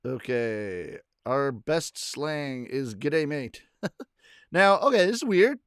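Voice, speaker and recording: A man's voice: mid-range voice, big pitch swings, takes it slowly, fairly bright tone, clear, resonant tone, no echo, studio quality. A middle-aged man from Canada, a comedian chatting casually with viewers on a live stream, rambling and correcting himself as he goes. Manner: rambling, self-correcting, chuckling. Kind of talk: casual chat reading viewer comments.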